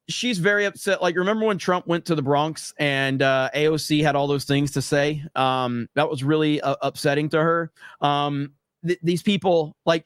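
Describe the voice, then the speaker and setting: A man's voice: on the high side, a bit bright, smooth, no room sound. A young man hosting a casual livestream, sarcastic and rambling with lots of fillers, talking close to a desk microphone. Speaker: livestream host.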